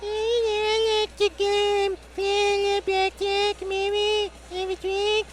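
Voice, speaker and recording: A man putting on the voice of a bratty, foul-mouthed cartoon boy in a high, squeaky kid voice. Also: monotone, takes it slowly, soft background music. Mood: smug. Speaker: pro bowler. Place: trade show floor, outdoors.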